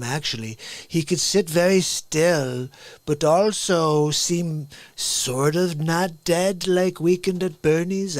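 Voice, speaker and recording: An energetic man hosting a live comedy stream, ranting and cracking jokes between bits. His voice sits fairly high, and the close microphone makes it sound dry and upfront. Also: no room sound. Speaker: livestream host. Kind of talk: live comedy talk show.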